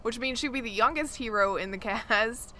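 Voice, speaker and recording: A woman co-hosting a podcast in casual chat, animated and quick to laugh. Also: a little high, a little hiss or hum. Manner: animated, laughs often, talks in bursts. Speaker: podcast co-host.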